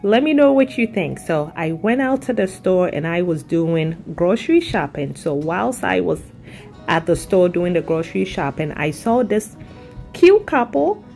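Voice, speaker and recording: A woman, from Africa, chatting casually and telling an animated story while doing her makeup on camera. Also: lowish voice, unhurried, creaky, soft background music. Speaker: makeup vlogger.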